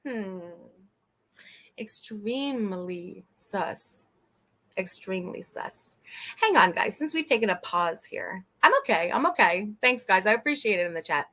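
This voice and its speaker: A woman's voice: mid-range voice, lively intonation, moderate pace, pushed and bright. A woman hosting a casual live stream, chatty and laughing often, swearing freely and talking to her chat.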